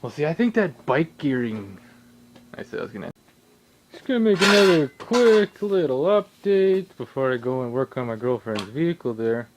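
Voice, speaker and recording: A young man rambling casually in his home workshop, swearing a lot and breaking into sudden loud outbursts. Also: medium pitch, very animated, moderate pace, background noise. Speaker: vlogger.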